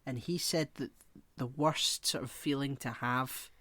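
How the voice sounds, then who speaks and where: A man co-hosting a podcast, chatting casually and rambling, often pausing to hunt for the right word. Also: mid-range voice, steady tone, sharp tone, no room sound. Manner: rambling, searches for words with many fillers. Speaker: podcast co-host. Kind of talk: casual chat.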